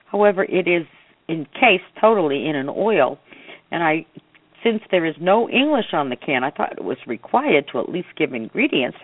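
An older woman rambles fondly through a voicemail message, her fairly low voice rising and dipping in wide, lively swings. The sound is narrow and boxy, as if heard through a telephone line. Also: normal speed. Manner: chatty, rambling, affectionate. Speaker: mother leaving voicemails.

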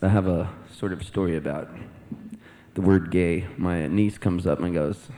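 A man's voice: low-pitched, steady tone, unhurried, dark tone. A male singer-songwriter on stage, telling a rambling, amused story between songs into a vocal mic.

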